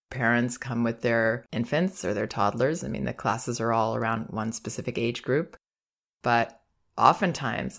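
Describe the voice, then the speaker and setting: A woman hosting a parenting advice podcast, speaking in a calm, gentle and reflective way, with soft laughs. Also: very deep voice. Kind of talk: advice monologue.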